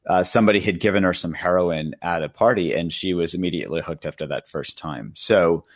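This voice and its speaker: A middle-aged man speaks as a psychiatrist guest on a radio call-in show, his voice sitting a little low. He explains in an easy, conversational way, peppered with fillers and the odd chuckle. The sound is close and dry, with no room in it. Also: brisk, no echo. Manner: conversational, many "you know" fillers, occasional chuckles.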